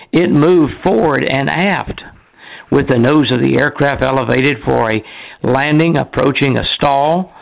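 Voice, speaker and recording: An older man, a retired airline pilot, reading his memoir aloud in a measured, deliberate way with a few small slips. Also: mid-range voice, gravelly, rough recording.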